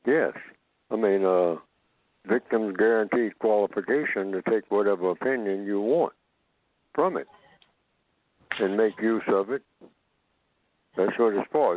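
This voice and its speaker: Deep, slow-spoken man on a phone line. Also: no echo. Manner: slow, measured, repeats phrases for emphasis. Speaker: radio program guest answering callers. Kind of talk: call-in radio talk. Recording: tinny phone-line audio.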